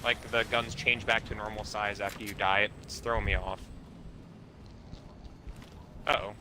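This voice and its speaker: A man's voice: fairly low pitch, flat delivery, unhurried, background noise. A man in casual chat with friends while playing a game, swearing freely and reacting to the match mid-sentence. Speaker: gamer chatting with friends.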